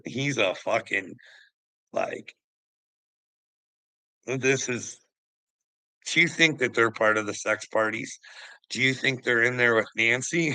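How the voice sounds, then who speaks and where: A man's voice: on the low side, vocal fry, pushed and bright, dry recording, poor audio. A man who vlogs, ranting profanely and laughing with scorn. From Canada. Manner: angry, swearing, laughing scornfully. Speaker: vlogger.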